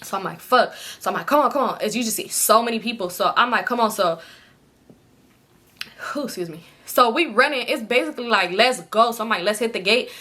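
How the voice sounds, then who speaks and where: A young woman telling a storytime story in a casual, animated way, swearing freely and acting out quotes in a higher voice. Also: brisk. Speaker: storytime vlogger.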